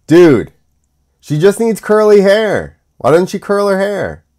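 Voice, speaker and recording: A man's voice: high voice, sing-song, measured pace, darkish tone. Sarcastic man ranting on his show. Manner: ranting, goes off on tangents; sarcastic, mocking. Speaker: show host. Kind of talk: casual monologue.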